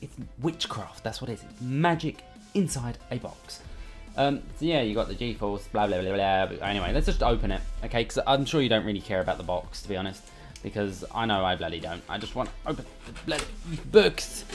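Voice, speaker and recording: In his bedroom at home under a studio light, a hardware reviewer unboxes gear while chatting casually and irreverently. His lowish voice moves briskly with lively intonation, and soft music plays in the background.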